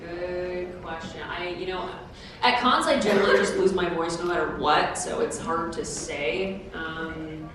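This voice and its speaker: A woman's voice: on the low side, a little slow. Chatty young woman in an echoey hall. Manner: chatty, laughing, many fillers and restarts. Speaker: cosplayer taking audience questions. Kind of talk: casual convention panel Q&A. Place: convention panel room. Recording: echoey hall, distant mic, noisy.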